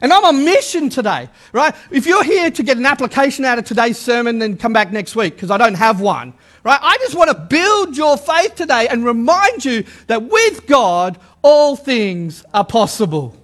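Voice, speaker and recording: A middle-aged man, a pastor, preaching a lively sermon and repeating his key lines for emphasis. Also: extremely high pitch, moderate pace, hardly any pauses.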